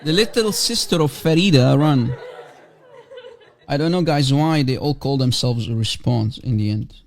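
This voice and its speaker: A man's voice: medium pitch, moderate pace, gravelly. A man hosting a heated online debate, combative and mocking, hammering the same question over and over. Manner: combative, mocking, repeats himself insistently. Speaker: debate livestream host.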